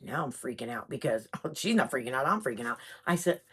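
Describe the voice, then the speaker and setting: Storyteller: low-voiced woman, husky tone, very lively delivery, chatty and emphatic. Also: fairly quick. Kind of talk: personal storytelling.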